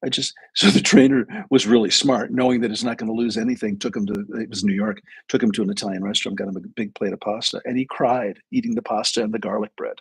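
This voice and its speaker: Husky-voiced man rambling through stories. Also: fairly low pitch, steady tone, fast, few pauses, no echo, low-quality recording. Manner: rambling storyteller, many fillers and restarts. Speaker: host. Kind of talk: casual livestream talk.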